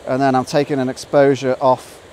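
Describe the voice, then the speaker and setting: A middle-aged man, a nature photographer, narrating an outdoor vlog by a waterfall in a valley, excitable and bursting into wows as he explains his photo compositions. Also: medium pitch, a little fast, slight background noise.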